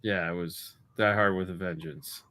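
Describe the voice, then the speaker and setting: A man's voice: low voice, fairly even intonation, normal speed, sharp tone. A man talking movies as co-host of a casual chat show. He rambles, swears freely and keeps restarting his sentences. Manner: rambling, profane, lots of restarts. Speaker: podcast co-host.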